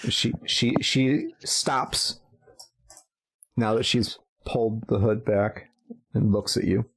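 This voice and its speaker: Slow, low-voiced male game master. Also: creaky, a bit bright, breathy edge. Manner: slow, measured, hesitant narration. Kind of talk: narrating a tabletop game.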